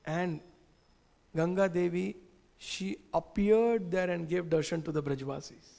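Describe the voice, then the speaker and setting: Man, animated storytelling class, high voice, long temple hall reverb. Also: a little slow, creaky. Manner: animated, asks the audience questions, uses gestures. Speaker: teacher of scripture class.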